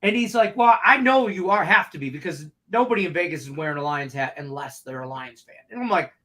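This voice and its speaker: Guy cohosting a betting show, high bright voice, tells stories and does everyone's lines. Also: fast talker. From Detroit area. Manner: animated storyteller, acts out quoted voices. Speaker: co-host. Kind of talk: casual sports betting chat.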